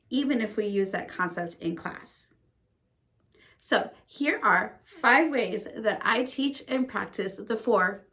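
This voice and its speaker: A woman music teacher explaining classroom methods to fellow teachers in a conversational, upbeat way. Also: on the high side. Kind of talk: educational talk to fellow teachers.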